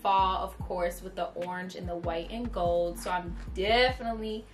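A woman's voice: fairly low pitch, fairly even intonation, moderate pace. A young woman vlogging a clothing haul, bubbly and gushing as she talks straight to her viewers. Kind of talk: excited try-on haul chat. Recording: voice a bit far from the mic, music underneath.

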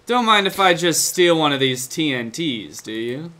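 Playful, teasing male gamer with a bright, animated voice. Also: on the high side, normal speed. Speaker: game guest. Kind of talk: casual gaming chat.

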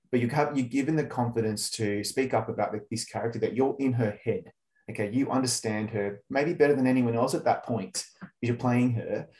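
A man's voice: medium pitch, a little mellow, echoey room. A man with an Australian accent hosting an interview over a video call, enthusiastic and rambling in his questions. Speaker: interview host. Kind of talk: casual interview chat.

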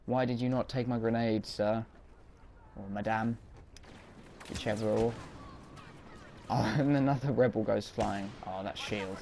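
A man's voice: on the low side, fairly even intonation, unhurried, vocal fry, long pauses, darkish tone, a little hiss or hum. Chatty man narrating his gameplay. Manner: chatty, self-mocking, reacts on the fly. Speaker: gaming commentator. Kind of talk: casual gameplay commentary.

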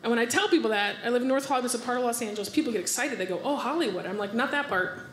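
High-voiced woman doing animated stand-up. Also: very fast, slight background noise. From United States. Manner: animated, acts out voices, laughs along. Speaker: stand-up comedian. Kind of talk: stand-up comedy set. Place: comedy club stage with live audience. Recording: roomy club with audience laughter. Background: audience laughter.

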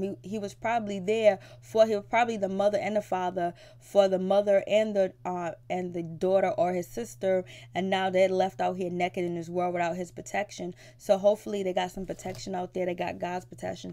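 A woman's voice: fairly low pitch, darkish tone. A woman casually recapping a reality show episode in a slangy, chatty way. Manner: slangy, chatty, frequent fillers.

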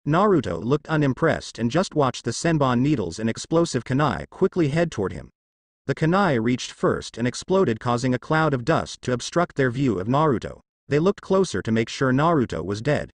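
Man narrating fanfiction, lively pitch. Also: normal speed, no echo. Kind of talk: fanfiction reading.

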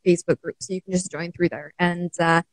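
A woman's voice: fairly low pitch, fairly even intonation, fairly quick, no room sound, low-quality recording. A woman coach with a Canadian accent, chatting casually on a live stream, laughing often and using many fillers. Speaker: mental wellness coach.

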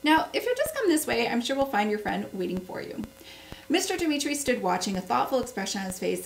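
A woman's voice: fairly high pitch, vocal fry, echoey room, distant mic, slight background noise, poor audio. A woman reading a cozy mystery aloud, giving the characters small voice shifts. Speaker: book club host reading aloud.

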